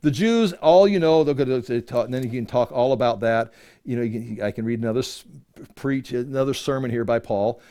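A man's voice: medium pitch, fairly quick, darkish tone. A man teaching from scripture in a conversational way, reading passages and then explaining them in casual, self-correcting asides. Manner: chatty, self-correcting, many "you know"s.

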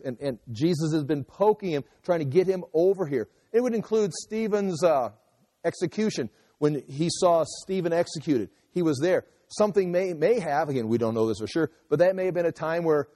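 A man's voice: a little high, animated, normal speed, dark tone. A man giving a conversational verse-by-verse Bible teaching, explaining as he goes and acting out quotes. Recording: long hall reverb.

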